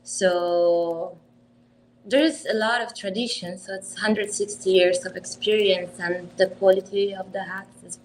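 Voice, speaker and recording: A woman in her twenties with an Italian accent, speaking English as a second language in a casual interview, earnest and quick to laugh. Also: mid-range voice, steady tone, a little hiss or hum, low-quality recording. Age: 20s. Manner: earnest, laughs easily, slight non-native phrasing. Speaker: hat company owner.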